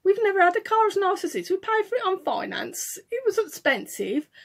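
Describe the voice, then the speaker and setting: A woman with a Birmingham accent telling a story to camera in an indignant, animated way, acting out what was said. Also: very high voice, a little fast, vocal fry. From England. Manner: indignant, animated retelling with acted quotes. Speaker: vlogger.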